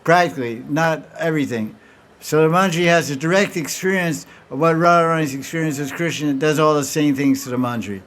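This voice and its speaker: A spiritual teacher with a fairly high, somewhat bright male voice speaks quickly at a devotional gathering. He tells a story and acts out its dialogue, restarting often, in a lecture that includes questions.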